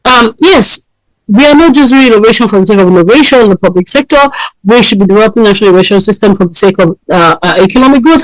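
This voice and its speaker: A woman's voice: mid-range voice, brisk, no room sound, rough recording. Woman hosting a talk radio show, keeps repeating herself for emphasis, lots of um and right?, dead dry studio. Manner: repetitive, emphatic, with frequent fillers and "right?" tags. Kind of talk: solo talk radio monologue.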